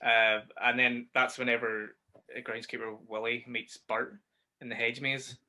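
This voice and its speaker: A man's voice: mid-range voice, little pitch movement, a little slow, pushed and bright. A man with a Northern Irish accent, co-hosting a casual film podcast, eagerly retelling scenes and swearing freely. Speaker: podcast co-host.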